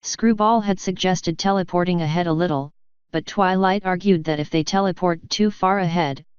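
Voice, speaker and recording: A woman narrating fanfiction in a steady storytelling manner. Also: fairly low pitch, normal speed, clear, resonant tone, no echo. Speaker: audiobook reader. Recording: dry, dull lo-fi recording.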